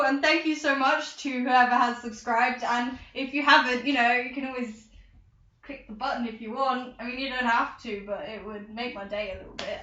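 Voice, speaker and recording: An excitable teenage girl, chatting and rambling to her camera in a casual vlog. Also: sits high. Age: teens. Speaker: vlogger. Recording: echoey room, dull lo-fi sound.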